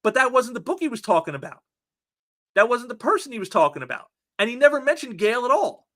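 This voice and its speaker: A man talks through online posts in a casual commentary, sneering and sarcastic, stumbling into repeated words. His voice sits very high and bright. His pitch swoops up and down in a lively way. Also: quick pace. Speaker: commentary channel host.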